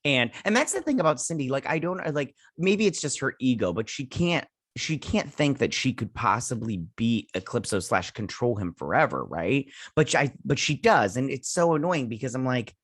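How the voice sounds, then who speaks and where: A man's voice: mid-range voice, sing-song, moderate pace, few pauses, fairly bright tone, no room sound, clean studio sound. A man hosting a casual episode recap and review, rambling through the plot with lots of fillers and sassy asides. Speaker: show reviewer, host.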